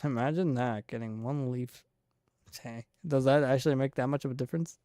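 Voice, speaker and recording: A man's voice: mid-range voice, steady tone, a little fast, warm tone, dry recording, studio quality. A young man streaming a game, reading its dialogue aloud and dropping wry, offhand asides.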